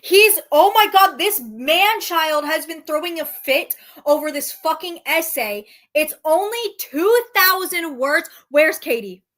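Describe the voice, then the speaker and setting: Woman streamer, high voice, casual profane commentary, snarky. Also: animated, measured pace, hardly any pauses, a bit bright. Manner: profane, sarcastic, reacts to chat.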